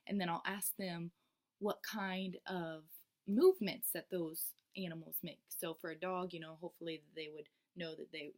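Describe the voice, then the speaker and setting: A woman's voice: fairly low pitch, moderate pace. A woman who teaches young children, walking step by step through a lesson plan with some ums and restarts. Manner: steady, step-by-step explaining with frequent ums and restarts; shifts into a bright, singsong teacher voice when quoting herself to children. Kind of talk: explaining a lesson plan to camera.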